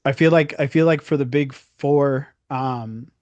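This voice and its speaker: A man's voice: medium pitch, steady tone, measured pace, a little mellow, highs cut off. A man with a mid-range voice leads a casual podcast chat. He talks agreeably and moves the group from one segment to the next. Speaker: podcast host. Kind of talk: casual wrestling review chat.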